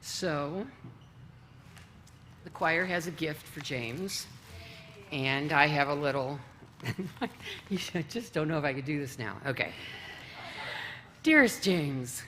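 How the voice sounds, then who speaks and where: Woman from the choir reading a tribute, slow and bright, playful and laughing. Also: low-pitched, slight background noise. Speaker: choir member. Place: church sanctuary.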